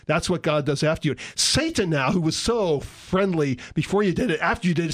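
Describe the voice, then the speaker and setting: A man's voice: a little high, lively intonation, a little fast, few pauses, no room sound, studio quality. A man from San Diego co-hosting a Christian talk show, teaching about the Bible in a folksy, joking way and sometimes acting out voices. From San Diego, California. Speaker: Christian radio co-host. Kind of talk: casual Bible teaching chat.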